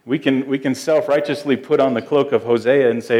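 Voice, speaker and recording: A man's voice: mid-range voice, a little fast, a little mellow. A man preaching a sermon as pastor, earnest and emphatic, often repeating words as he goes.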